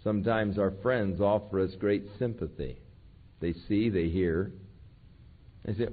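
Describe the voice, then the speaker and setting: A man preaching a sermon who reads scripture aloud with slow, emphatic stresses. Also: on the low side. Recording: tinny phone-like sound.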